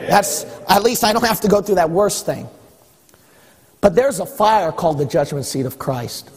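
A man preaching a sermon as pastor, emphatic and rising to shouts, acting out the voices of God and his listeners. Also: sits high, animated, normal speed, husky, long reverb tail.

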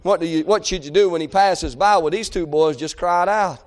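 High-pitched guy preaching hard, shouts then drops low, folksy way of talking. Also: moderate pace. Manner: fervent, shouting preaching with dramatic swings from loud to low; folksy, informal phrasing. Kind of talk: sermon.

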